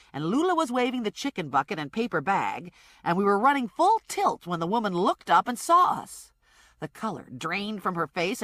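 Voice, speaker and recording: Lively woman narrating a comic audiobook. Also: medium pitch, dry recording, clean studio sound.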